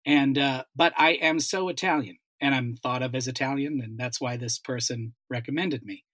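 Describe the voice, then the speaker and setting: A man's voice: medium pitch, normal speed, fairly bright tone, no room sound. A man, a dialect coach and voice actor, telling a story in a casual panel chat, with many restarts.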